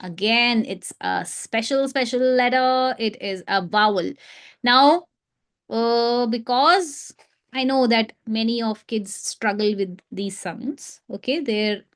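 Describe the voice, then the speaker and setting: A woman's voice: a little high, slow, a bit bright. A woman with an Indian English accent, teaching phonics sounds in a live online lesson and drilling each sound through short repetitions. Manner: demonstrates letter sounds with short repeated drills.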